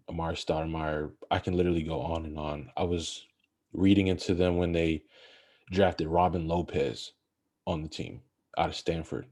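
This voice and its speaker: A young man co-hosting a podcast, chatting about basketball in a casual, animated, rambling way. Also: low-pitched. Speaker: podcast co-host. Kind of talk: casual sports chat.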